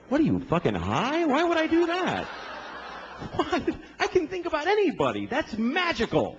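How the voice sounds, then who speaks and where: A man's voice: very high voice, huge pitch swings, moderate pace. A man in his thirties doing a profane, self-mocking stand-up set, acting out grumbling voices. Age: 30s. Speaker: stand-up comedian. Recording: dull lo-fi sound with audible background noise.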